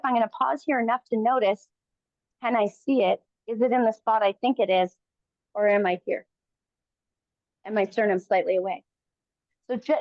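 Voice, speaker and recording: Woman fitness coach, slightly high voice, dull dry recording, gentle cueing. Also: no room sound. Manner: calm encouraging cues, often pausing between short phrases. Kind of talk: live coaching cues during a workout.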